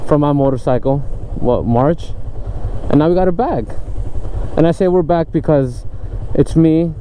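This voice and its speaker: A man's voice: on the high side, normal speed, warm tone. A man casually telling a story for his vlog, loose, joking and full of swearing. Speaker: vlogger. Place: outdoors on a city street. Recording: noisy outdoor city recording.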